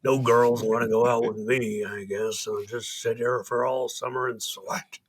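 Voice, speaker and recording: A man's voice: mid-range voice, steady tone, unhurried, a crowd in the background, voice pushed down, natural voice. A man imitating a glum, lonely young guy. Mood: sulky.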